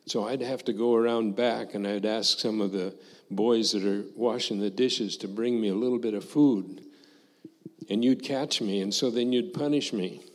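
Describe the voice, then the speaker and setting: An older man, a former missionary, telling a personal testimony to a congregation in a slow, reflective way, acting out the dialogue he recalls. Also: lowish voice, fairly even intonation, long reverb tail.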